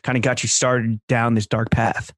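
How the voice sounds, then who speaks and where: A man's voice: medium pitch, little pitch movement, moderate pace, no echo, studio quality. A man hosting a podcast, asking questions and dropping wry teasing asides. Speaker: podcast host. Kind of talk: casual podcast interview.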